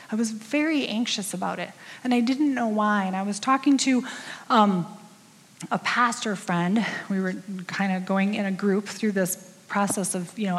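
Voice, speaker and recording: A woman in her fifties gives a conversational sermon to a women's group, telling stories about herself with candid, self-deprecating humor. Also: mid-range voice. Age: 50s. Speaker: women's ministry speaker. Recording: long reverb of a large hall.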